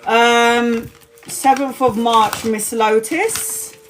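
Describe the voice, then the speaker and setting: A woman's voice: on the high side, steady tone, very slow, slight background noise. A woman in her forties telling a story casually on a live stream, laughing often and swearing freely, then giving a tarot reading. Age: 40s. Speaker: tarot reader.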